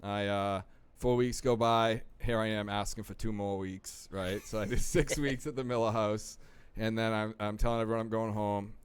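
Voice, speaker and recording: A young man telling his recovery story in casual talk, animated and acting out the people he quotes. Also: lowish voice, normal speed, hardly any pauses, smooth. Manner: animated, acts out quoted voices. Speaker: podcast guest.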